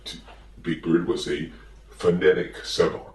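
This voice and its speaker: A man's voice: deep voice, level tone, unhurried, darkish tone, echoey room, distant mic. A man telling a comic story in a meandering way, full of fillers and self-corrections. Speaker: comedic storyteller.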